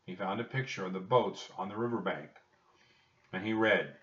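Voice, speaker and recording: Man reading a kids' chapter book, expressive, lowish voice, far from the mic in a roomy space. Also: moderate pace. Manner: expressive storytelling with a lively tone. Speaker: audiobook reader. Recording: distant roomy dull home recording.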